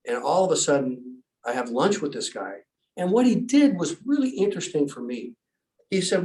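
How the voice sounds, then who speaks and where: A man giving a storytelling talk as a guest speaker, animated and acting out the voices of people he quotes. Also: medium pitch, moderate pace, distant mic, poor audio.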